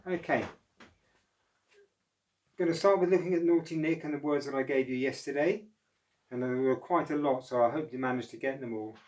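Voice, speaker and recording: A man's voice: medium pitch, moderate pace, pauses often, darkish tone, poor audio. A man teaching and reading stories to children in an upbeat, teacherly way.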